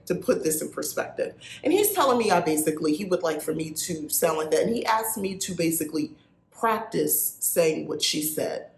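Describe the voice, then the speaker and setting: Nasal south jersey lady in her 40s chatting away on her podcast, roomy echo. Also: mid-range voice. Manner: chatty, animated, talks straight to listeners. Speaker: podcast host. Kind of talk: casual storytelling monologue. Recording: echoey room.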